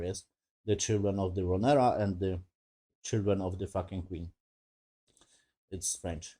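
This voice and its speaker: A man casually recapping and reviewing a TV episode, talking loosely and swearing, with non-native English grammar and quick mimicry of the characters. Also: on the low side, mellow. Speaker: TV show reviewer.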